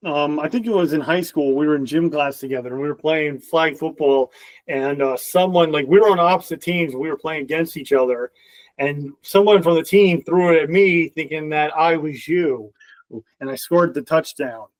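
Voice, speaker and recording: A man's voice: a little high, normal speed, dry recording. A young man as a podcast guest, recalling funny stories in casual chat and laughing along.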